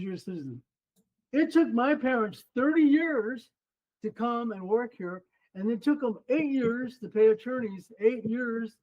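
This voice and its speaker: Older man telling animated stories. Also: sits high, highs cut off. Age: 70s. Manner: animated, acts out quoted voices. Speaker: guest, former runner and coach. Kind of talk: storytelling in an interview.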